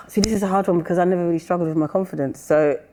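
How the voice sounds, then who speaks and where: A woman's voice: lowish voice, fairly even intonation, rapid-fire, long reverb tail, background noise. A woman with a British English accent, chatting openly as an interview guest and often checking "do you know what I mean". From England. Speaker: guest singer-songwriter. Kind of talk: casual interview chat.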